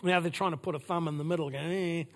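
Male preacher, higher-pitched voice, emphatic and repetitive delivery. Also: steady tone, rapid-fire. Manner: repetitive, emphatic preaching with sudden drops to quiet. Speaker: pastor. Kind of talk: sermon.

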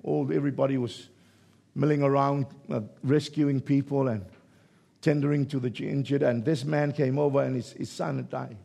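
A man preaching a sermon, swinging between hushed, drawn-out lines and sudden loud shouts. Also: medium pitch, little pitch movement, vocal fry.

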